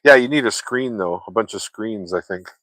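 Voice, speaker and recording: A man with a fairly low voice talks loosely to his viewers, drifting from one story to the next and swearing often. The sound is dry and close, with no room around it. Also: moderate pace, a bit bright, dry recording. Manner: loose, chatty, swears freely, laughs often. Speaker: vlogger chatting with viewers. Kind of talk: casual rambling chat.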